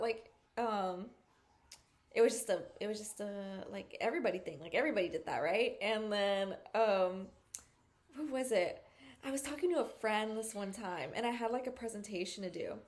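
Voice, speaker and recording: A woman's voice: medium pitch, very animated, normal speed. A woman hosting a podcast in a casual chat, rambling and searching for words, with lots of "like" and "you know". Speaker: podcast host.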